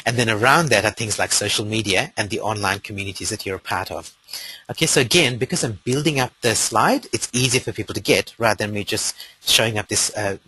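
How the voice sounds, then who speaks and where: A man's voice: fairly low pitch, brisk, bright, forceful tone, breathy edge, no room sound, poor audio. A man with an Australian accent presenting a live webinar, explaining step by step in a conversational way with frequent fillers.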